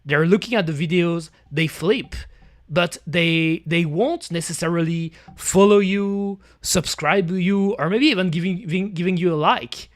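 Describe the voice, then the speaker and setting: A man's voice: sits high, a little slow. A man streaming and chatting casually as he reacts to a video, rambling with many fillers, restarts and small grammar slips. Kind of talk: casual chat.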